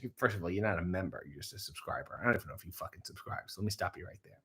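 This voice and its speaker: A man hosting a casual livestream, reading viewer comments aloud with quick, profane asides. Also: lowish voice, sing-song, a bit bright. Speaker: livestream host reading chat. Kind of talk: casual live chat. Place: home kitchen.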